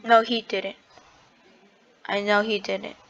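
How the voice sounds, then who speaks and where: A woman chats her way through a block-building game, thinking aloud and interrupting herself. Her voice sits at an everyday middle pitch. Her words are peppered with "like". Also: level tone, slow, fairly bright tone, lo-fi sound. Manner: chatty, hedging with "like", self-interrupting. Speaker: gamer and video creator. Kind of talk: casual gameplay commentary.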